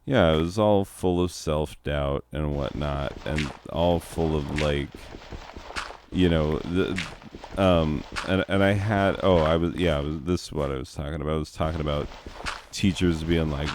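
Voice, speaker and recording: A man's voice: a bass voice, steady tone, normal speed, background noise. A man, a teacher, chatting casually and rambling sarcastically while he plays a game, chuckling now and then.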